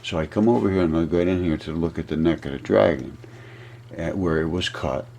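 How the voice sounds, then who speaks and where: A man talking through a map in a casual, rambling monologue, often laughing at his own ideas and getting excited. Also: deep voice, fairly quick, creaky, a little hiss or hum. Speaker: video presenter.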